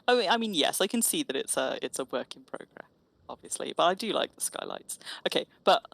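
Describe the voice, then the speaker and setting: Woman, casual gaming chat, gravelly edge, lively swinging pitch, teasing. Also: brisk. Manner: chatty, teasing, restarts phrases. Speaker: streamer playing an online game.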